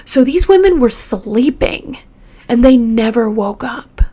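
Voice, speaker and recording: A woman's voice: fairly high pitch, lively intonation, unhurried, warm tone, breathy edge. A young woman hosting a true crime show, telling a case in a chatty, emotional way and talking straight to her listeners. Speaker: true crime podcast host. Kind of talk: casual true crime storytelling.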